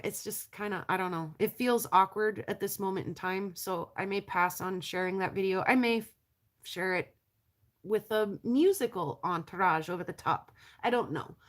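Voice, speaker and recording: A woman from the North American prairie, chatting casually and rambling to her viewers as a rockhounding vlogger, laughing often. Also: mid-range voice.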